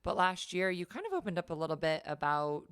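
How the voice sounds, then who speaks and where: A woman with a low voice hosts a casual podcast chat. She is chatty and blunt, swearing easily and filling the talk with "like" and quick affirmations. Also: sing-song, fairly bright tone, smooth. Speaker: podcast host.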